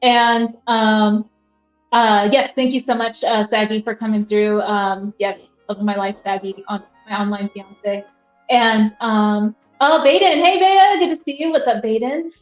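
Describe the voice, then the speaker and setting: Soft music plays behind a young woman livestreaming casually from her rented apartment. Her fairly high voice stays steady and measured as she rambles, uses plenty of fillers, and reads the chat aloud, all in a roomy, somewhat dull recording.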